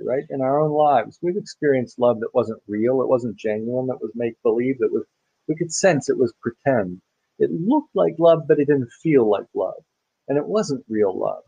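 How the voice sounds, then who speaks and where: A male pastor giving a conversational sermon-style Bible teaching, full of pauses and restarts. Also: medium pitch, dark tone, husky, no room sound, lo-fi sound. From United States. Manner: conversational, many fillers and restarts.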